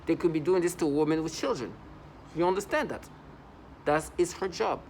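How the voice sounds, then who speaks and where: His pitch sits fairly high and his delivery is a little fast and slightly mellow, though the audio is poor with a touch of hiss or hum. This first-person vlog monologue is urgent and repetitive, peppered with "like" between points.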